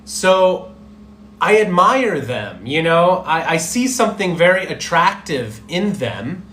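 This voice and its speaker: A male English teacher chats on a livestream, answering viewers slowly and thoughtfully. His voice sits a little high for a man and moves at an unhurried pace as he looks for words. The sound is roomy, with a faint hum underneath. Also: sing-song, a bit bright. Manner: slow, reflective, searching for words. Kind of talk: livestream chat reading viewer comments.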